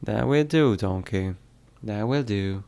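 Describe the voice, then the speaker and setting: A man's voice: on the low side, takes it slowly, vocal fry, a little mellow. A man voicing a grumpy, territorial male ogre in a clumsy attempted Scottish brogue. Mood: gruff.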